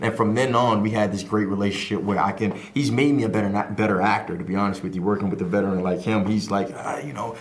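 Animated man telling a story. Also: lowish voice, quick pace, few pauses, a little hiss or hum. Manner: animated, laughs while telling, fond of acting out others. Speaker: actor interviewed at premiere. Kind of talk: excited casual storytelling. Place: outdoor red carpet event.

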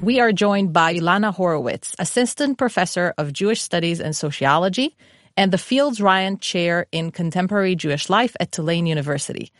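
A woman's voice: lowish voice, fairly quick, faint music behind. A woman from Israel co-hosting a podcast, asking questions and musing thoughtfully on ideas. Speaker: podcast co-host. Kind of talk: conversational podcast interview.

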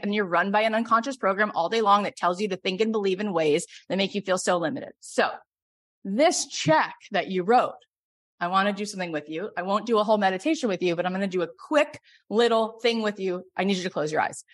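A middle-aged woman host coaching a caller, telling animated stories and then leading a soft guided meditation. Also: mid-range voice, a little fast. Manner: animated, storytelling, swings between excited and soft.

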